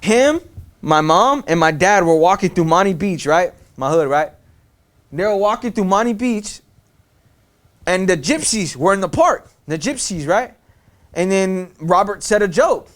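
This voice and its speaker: A man's voice: sits high, lively intonation, unhurried. A man telling a personal story in a casual, slangy way, often repeating phrases and asking "you know what I'm saying?".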